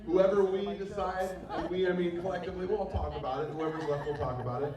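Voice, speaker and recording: A man's voice: sits high, steady tone, fast, lo-fi sound. A man hosting an open mic comedy night, chatting loosely between acts. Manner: loose, chatty emcee patter. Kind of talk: emceeing a comedy show. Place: bar with live audience. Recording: echoey bar, far from the mic, crowd noise.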